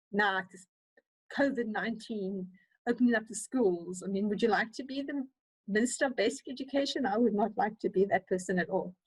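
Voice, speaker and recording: A woman lecturer with a South African accent teaching an online webinar, talking fast and animatedly with frequent fillers. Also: medium pitch, slightly rough, no echo, low-quality recording. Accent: South African English. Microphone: computer mic on a video call.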